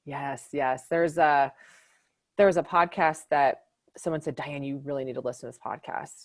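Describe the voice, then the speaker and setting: A woman hosting a relaxed interview, talking in a casual, chatty way with frequent fillers. Her voice sits a little low. The recording is dry, with no room sound. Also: normal speed, dry recording. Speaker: host, naturopath.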